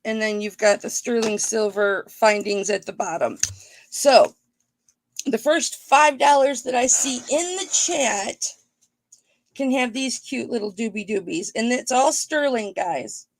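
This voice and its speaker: A woman host of a live-stream auction with a gravelly, slightly high voice, taking her time as she chats playfully to viewers. The sound is close and dry, with no room around it. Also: measured pace, dry recording. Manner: chatty and playful, thinks out loud, greets viewers by name.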